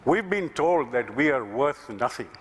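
A man's voice: mid-range voice, very animated, a little slow, a little hiss or hum. A man from India, giving an earnest, conversational storytelling talk at a conference and leaning often on "you know". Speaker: conference speaker.

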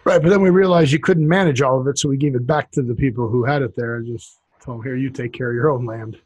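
Husky-voiced man joking on a podcast. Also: mid-range voice, fairly even intonation, fast, darkish tone, no echo, low-quality recording. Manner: joking, rambling with restarts. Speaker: podcast co-host. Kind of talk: casual chat.

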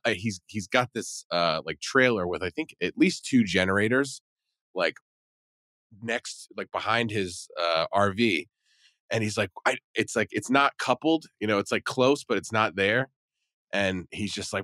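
A man with a very deep voice tells a rambling story and acts out what people said along the way. He speaks close to the mic in a dry space, in the manner of a podcast regular. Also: moderate pace, pushed and bright, no room sound. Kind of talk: casual anecdote telling.

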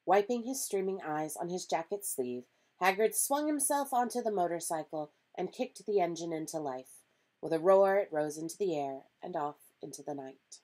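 A woman reading a children's storybook aloud as a storyteller, in a steady, expressive way. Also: on the low side, moderate pace, rough recording.

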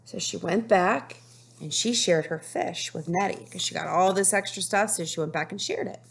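A woman teacher reading a picture book aloud to children, slow and expressive, stopping to ask the class questions. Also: fairly low pitch, gravelly, slightly rough. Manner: slow, expressive storytelling with asides to pupils.

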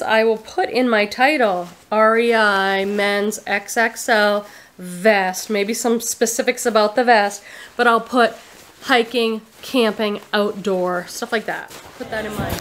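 A woman's voice: mid-range voice, takes it slowly. A woman in her thirties chatting casually to camera about her thrift finds, upbeat and full of "like". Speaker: reseller vlogger. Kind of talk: casual haul chat to camera. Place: thrift store and car, indoors and out.

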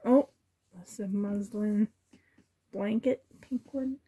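Husky woman vlogger, slow and mellow, chatty and sentimental going through clothes. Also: mid-range voice. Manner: chatty, sentimental, talks to herself, laughs softly. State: emotional, choked up. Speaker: reborn doll collector vlogger. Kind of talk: casual chat while sorting clothes.

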